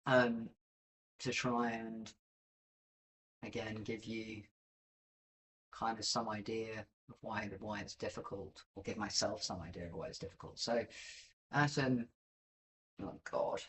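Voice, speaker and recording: A man's voice: fairly low pitch, fairly even intonation, unhurried, long pauses, fairly bright tone, distant mic, slight background noise, low-quality recording. A man giving casual live-stream market commentary over charts, rambling and self-deprecating with many filler ums. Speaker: livestream crypto chart analyst.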